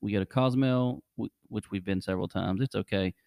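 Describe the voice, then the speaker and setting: Gravelly-voiced man telling stories. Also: fairly low pitch, fast, a little mellow, dry recording, clean studio sound. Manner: rambling storyteller, chuckles often. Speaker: podcast host. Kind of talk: casual chat.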